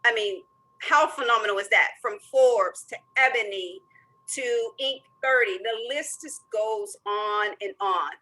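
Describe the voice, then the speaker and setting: An energetic woman from the American South moderating a webinar and introducing her guest with enthusiasm. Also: on the high side, unhurried, rough recording.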